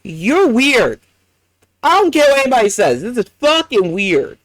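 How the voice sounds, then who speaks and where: A man's voice: very high-pitched, sing-song, unhurried, a bit bright, dry recording. A man with a New York accent hosting a reaction commentary, blunt, profane and mocking. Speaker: commentary host.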